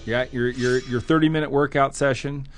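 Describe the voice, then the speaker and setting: A man hosting a podcast interview, animated, with frequent restarts, reading text aloud playfully. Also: mid-range voice, normal speed, soft background music. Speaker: podcast host. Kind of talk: casual interview.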